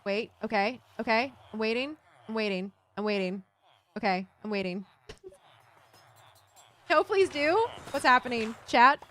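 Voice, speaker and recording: A young adult woman streamer chatting casually with viewers while playing a game, animated and giggly. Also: fairly high pitch, a little slow, long pauses. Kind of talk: casual gameplay chat with viewers.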